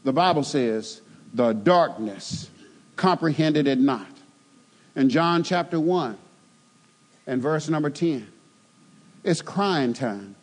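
A male preacher delivering a sermon, building from steady exposition to loud, emphatic, fervent peaks. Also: a little high, slow pace, pauses often.

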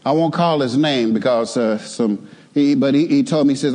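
A man's voice: medium pitch, moderate pace, warm tone, big-room sound, slight background noise. A man preaching a sermon in a church, calling on the congregation to answer him and building to emphatic exhortations. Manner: call-and-response with the congregation, rising to emphatic exhortation. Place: church sanctuary.

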